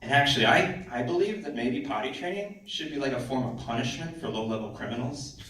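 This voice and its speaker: A man's voice: mid-range voice, fast, hardly any pauses, crowd noise. Man doing stand-up in an echoey theater. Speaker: stand-up comedian. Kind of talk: stand-up comedy set. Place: theater stage, live audience. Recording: echoey hall from far off, audience noise.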